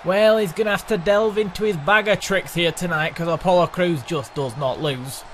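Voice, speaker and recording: A man co-hosting a wrestling video game, reacting with loud excitement and laughter as he plays. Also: high voice, normal speed, a little hiss or hum. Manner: animated, yelling and laughing at chaos. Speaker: gaming co-host. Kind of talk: excited gameplay commentary.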